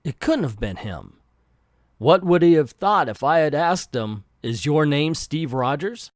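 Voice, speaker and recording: A man's voice: a little high, very animated, unhurried, no room sound, clean studio sound. A man reading the guarded, polite lines of a mysterious young woman agent from an old comic. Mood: wistful.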